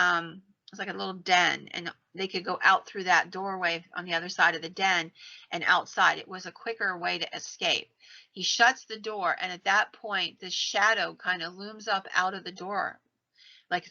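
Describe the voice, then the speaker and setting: A woman hosts a podcast, retelling ghost stories in a casual, animated way. Her voice is bright and clear-toned. The recording sounds a little dull and lo-fi. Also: lowish voice, moderate pace. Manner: animated retelling, acts out quoted lines in her own voice. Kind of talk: casual storytelling. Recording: slightly dull lo-fi podcast audio.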